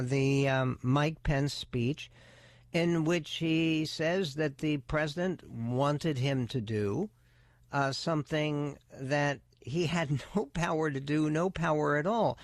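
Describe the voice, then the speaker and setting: A man hosting a talk radio show, giving opinionated political commentary in a measured, deliberate way with emphatic stresses. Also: a little high, no room sound. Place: radio studio. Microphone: close studio microphone.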